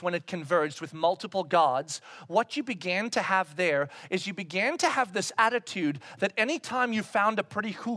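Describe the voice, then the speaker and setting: A male pastor with an unusually high voice delivers an animated sermon. His tone is bright and forward, and he leaps into shouted, acted-out lines before settling back into explanation.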